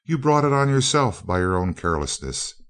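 A man reading the lines of a cold, calm male scientist villain in an audiobook, speaking evenly and clipped. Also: mid-range voice, a little fast, pitched above the performer's own voice, lightly acted. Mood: coldly calm. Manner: cool, even and clipped. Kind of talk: audiobook character voice.

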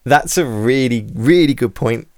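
A man's voice: mid-range voice, animated, measured pace, darkish tone, no room sound, studio quality. A man chatting casually about old horror films, rambling with lots of fillers and restarts. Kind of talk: casual film podcast chat.

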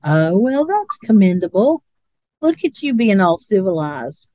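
A chatty woman rambles through stories on a podcast and laughs often, her pitch in an ordinary middle range. The voice sounds dry and close, with no room around it. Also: sing-song, unhurried, dark tone, dry recording. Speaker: podcast co-host. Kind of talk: casual chat.

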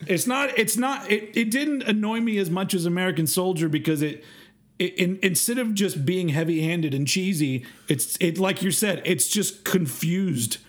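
A man co-hosting a music podcast, ranting in an animated, exasperated way about songs he dislikes. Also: high-pitched, normal speed. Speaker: podcast co-host. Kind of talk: casual music review chat.

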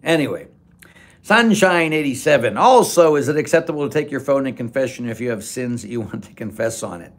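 Male priest, mid-pitched voice, loose and talky, blunt and joking with viewers. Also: expressive, a little fast. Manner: chatty, rambling, with frequent fillers. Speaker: Catholic priest. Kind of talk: casual livestream Q&A reading chat.

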